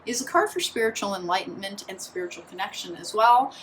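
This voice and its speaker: Woman tarot reader, mid pitch, rambling and chatty, faint room noise behind. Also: animated, fast, a bit bright, low-quality recording. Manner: chatty, meandering, full of "like" and restarts. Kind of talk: pick-a-card tarot reading.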